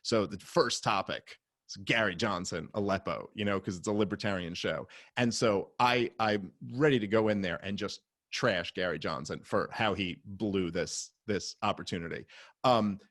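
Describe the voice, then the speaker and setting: A man, a podcast guest, telling a story in a casual conversation with lots of swearing and fillers, now and then rising to loud, heated outbursts. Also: low-pitched, normal speed, dry recording, studio quality.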